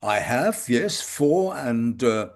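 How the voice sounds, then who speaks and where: An older man with a mid-range voice speaks slowly and reflectively. He pauses often and picks his words with care, talking from his consulting room at home. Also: mid-range voice, lively intonation. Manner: measured, halting with frequent pauses. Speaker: homeopath guest. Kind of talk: reflective conversation.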